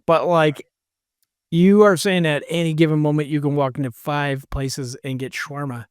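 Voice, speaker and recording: Man, joking co-host, slightly high voice, dry close sound. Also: steady tone, clear, resonant tone, no echo. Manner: joking, quick to tease and interrupt. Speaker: podcast co-host. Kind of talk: casual chat.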